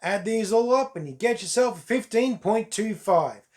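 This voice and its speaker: A man's voice: high-pitched, animated, normal speed. A man, chatting through a casual solo film review to his viewers, emphatic and repeating words for stress. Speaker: movie reviewer.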